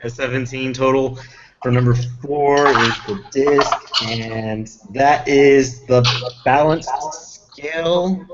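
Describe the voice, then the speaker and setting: A man's voice: medium pitch, slow pace, heavy background noise. A man running a tabletop fantasy game as game master, speaking hesitantly with many fillers. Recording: dull lo-fi recording.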